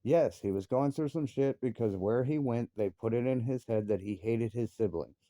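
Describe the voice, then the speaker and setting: A man's voice: mid-range voice, moderate pace, dark tone, dry recording, clean studio sound. A man, a father, angrily ranting about his family with heavy swearing, his voice jumping up into outbursts. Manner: angry, profane, voice rising sharply into outbursts. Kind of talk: heated personal rant.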